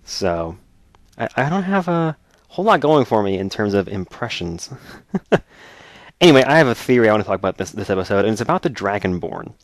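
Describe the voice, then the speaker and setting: A man's voice: on the low side, very animated, fairly quick, no echo. A man hosting a let's play, giving jokey, sarcastic commentary while he plays. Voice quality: jokey, sarcastic, laughs often. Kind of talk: joking gameplay commentary.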